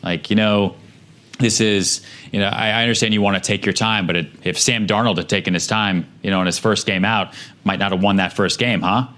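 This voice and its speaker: A man's voice: fairly low pitch, fairly even intonation, a little fast, a bit bright. A man giving casual advice on selling, conversational, acting out little exchanges with customers.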